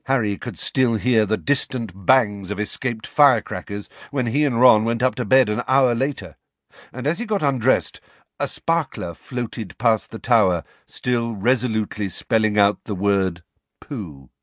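A man's voice: lowish voice, a little slow, no room sound. A man narrating a storybook audiobook expressively and voicing every character himself. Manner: expressive, plays all characters.

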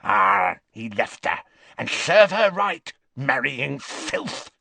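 A man voicing a volatile drunken older hermit who speaks in rough, coarse country speech. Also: medium pitch, big pitch swings, takes it slowly, pushed and bright, no echo, full character voice. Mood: raging.

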